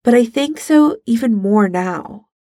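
A woman voicing a bold, teasing young woman, her lines pitched higher than her narration, in a fan fiction reading. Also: lively intonation, measured pace, dark tone, no room sound, studio quality. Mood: earnest. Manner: teasing and emphatic. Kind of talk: fan fiction read aloud.

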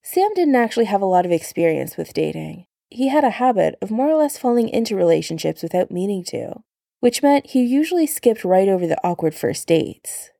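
A woman narrating fan fiction aloud in a calm, even manner. Her voice is gravelly and mellow. The recording is dry and close. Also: medium pitch, brisk, no echo. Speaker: story narrator.

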